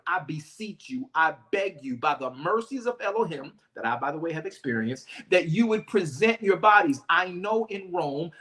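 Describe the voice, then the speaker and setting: A man preaching a sermon in an animated, dramatic way, often calling out to his listeners. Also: sits high. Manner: uses "y'all" and direct address.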